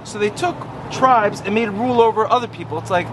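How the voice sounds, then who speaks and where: A rabbi, telling stories in an animated way and acting out quoted voices, talking on a city stoop. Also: male voice, high-pitched, brisk, few pauses, noisy background. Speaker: rabbi guest on a podcast. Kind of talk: casual storytelling conversation.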